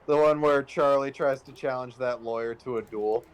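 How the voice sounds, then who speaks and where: A man's voice: medium pitch, fairly even intonation, normal speed, clear, resonant tone. A young man in casual chat with friends on a live stream, dropping in dry, wry remarks.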